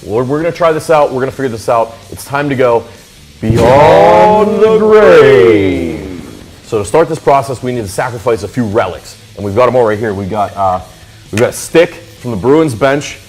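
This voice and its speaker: A man's voice: mid-range voice, fast talker. A man with a mid-range voice hosts a comedy sketch, turning mock-solemn as he calls on the gods. Faint music plays underneath him. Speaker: sketch co-host.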